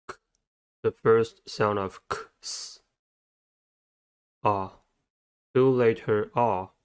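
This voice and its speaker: A man with a low, smooth voice teaches vocabulary. He reads a script and breaks each word into its sounds and letters, one at a time. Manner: careful, methodical, spelling sounds letter by letter. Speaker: vocabulary teacher, channel host. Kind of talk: scripted vocabulary lesson, spelling out phonograms.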